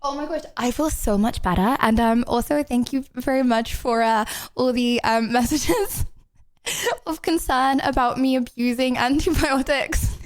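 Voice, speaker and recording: A young woman chats with her live viewers in a high, bouncy voice, full of fillers and little laughs. She is still recovering from illness, and her talk is loose and casual. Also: measured pace. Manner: chatty and giggly, many fillers. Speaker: streamer. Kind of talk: casual live-stream chat.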